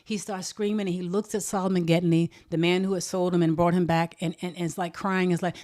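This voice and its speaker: A woman retelling a history story in a casual, animated way, often repeating words as she goes. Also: lowish voice, fairly quick, hardly any pauses.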